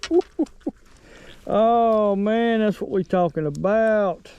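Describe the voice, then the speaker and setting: A middle-aged man, giving excited, folksy commentary while fishing from a boat outdoors. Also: sits high, slow pace, dull audio, noisy background. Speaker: fishing vlogger.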